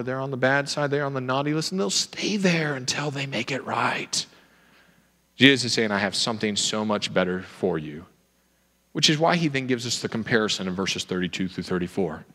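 A male pastor preaching a sermon, animated and full of rhetorical questions. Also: medium pitch. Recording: reverberant hall.

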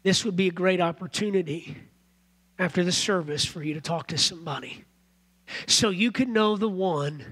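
A man preaching a sermon as pastor in a church, earnest and animated, often repeating phrases. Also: sits high, normal speed, breathy edge.

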